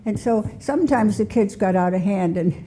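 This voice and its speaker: Older woman, nonprofit founder, mellow tone, chatty storyteller with slides, laughs a lot. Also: medium pitch, normal speed, a little hiss or hum. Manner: chatty, laughs often, breaks off mid-sentence. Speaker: nonprofit founder giving a talk. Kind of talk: casual storytelling talk with slides. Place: civic center hall.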